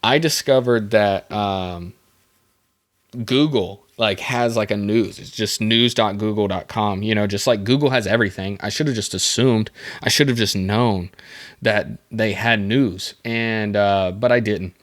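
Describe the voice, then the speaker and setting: A man's voice: lowish voice, measured pace. A young man hosting a solo podcast, rambling and joking at his own expense, full of fillers and restarts. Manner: rambling, self-mocking, lots of fillers. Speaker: podcast host. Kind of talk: casual solo podcast monologue. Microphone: desk microphone.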